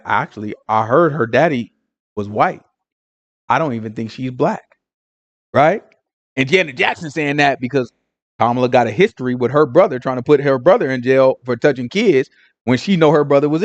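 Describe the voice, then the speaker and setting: A man giving an informal Sabbath teaching to a congregation, talking in an animated, conversational way full of rhetorical questions. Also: mid-range voice, no echo, highs cut off.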